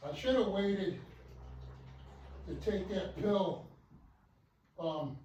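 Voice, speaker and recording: Winded guy rambling to his viewers, slow and a bit high, far from the mic in an echoey basement. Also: a little mellow, highs cut off. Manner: rambling, loose, with many fillers and puffing sighs. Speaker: hobby vlogger. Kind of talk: casual rambling chat to viewers. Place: cluttered basement man cave. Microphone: distant from the mic, moving around the room. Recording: echoey basement from a distance, faint noise.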